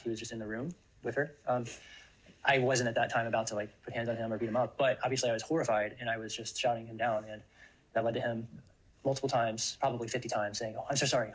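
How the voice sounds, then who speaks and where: A man's voice: mid-range voice, little pitch movement, quick pace, fairly bright tone, poor audio. A father giving an earnest personal statement, explaining his actions. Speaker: guest in a recorded statement. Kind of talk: personal testimony.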